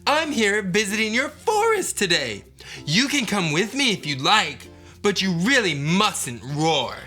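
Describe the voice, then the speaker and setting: A brave, playful little girl with a sassy streak, as a woman reads her aloud in a storybook. She talks slowly. Her voice is bright. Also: medium pitch, big pitch swings, soft background music, pitched below the performer's own voice.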